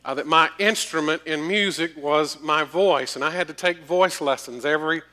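A middle-aged man preaches from the pulpit in an earnest, emphatic way, slipping in the odd dry aside. His voice sits a little high and rings bright and forceful. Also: moderate pace. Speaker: pastor. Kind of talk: sermon.

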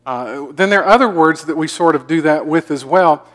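A man's voice: fairly high pitch, moderate pace, a bit bright. A man from the American South with a mild Southern accent, preaching a folksy, joking sermon and often repeating his words. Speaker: pastor. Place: church sanctuary. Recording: long hall reverb.

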